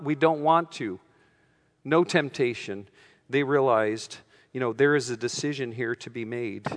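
A man's voice: mid-range voice, in a large hall. A man preaching a sermon as a pastor, earnest and conversational, acting out the quoted lines with feeling.

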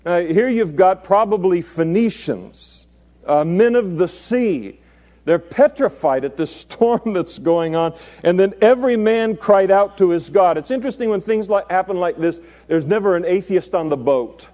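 Mellow-voiced man preaching a sermon. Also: sits high, lively intonation, normal speed. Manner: conversational, with chuckles and playful asides. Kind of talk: expository sermon.

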